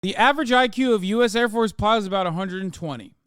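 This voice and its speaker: Man, 30s, live streamer, profane outbursts and mumbled asides, smooth resonant voice, higher than most. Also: quick pace, no echo, studio quality. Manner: profane, mocking, swings from loud outrage to mumbling asides. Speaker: streamer reacting to posts. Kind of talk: live stream reaction commentary.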